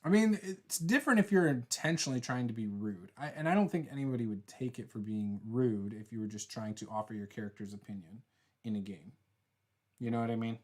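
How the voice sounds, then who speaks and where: A man hosting a casual chat as game master, reading out viewer comments in a relaxed, teasing and rambling way. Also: mid-range voice, a little fast.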